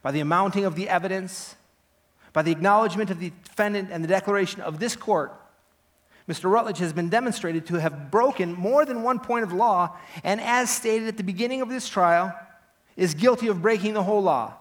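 A man's voice: high-pitched, brisk, voice pushed up, natural voice. A man voicing a stern male prosecutor who formally demands the death penalty. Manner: formal, loud courtroom address.

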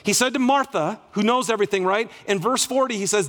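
High-voiced man preaching with big swings. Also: quick pace, hardly any pauses. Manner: dynamic preaching, swings from loud cries to hushed lows. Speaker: pastor. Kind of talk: sermon.

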